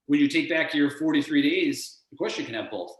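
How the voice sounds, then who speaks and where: A man giving an energetic motivational coaching talk as a guest on a video call, often acting out other people's voices. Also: fairly high pitch, fairly quick, echoey room, poor audio.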